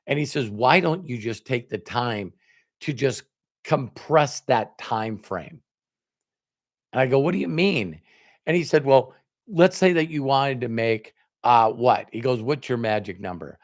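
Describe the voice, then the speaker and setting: Middle-aged guy motivational speaker, storytelling, plays both sides of the convo, mid-pitched voice. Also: unhurried. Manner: animated storyteller, acts out both sides of dialogue. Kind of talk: storytelling talk to an audience.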